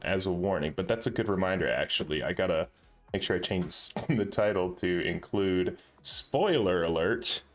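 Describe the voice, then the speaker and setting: A man hosting a casual live stream, laughing often and swearing lightly while he sets things up and talks to his chat. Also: lowish voice.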